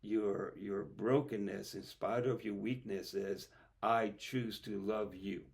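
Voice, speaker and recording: A man's voice: on the low side, fairly even intonation, slow, gravelly, darkish tone. A man hosting a podcast conversation, asking reflective questions in an earnest, conversational way. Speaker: podcast host.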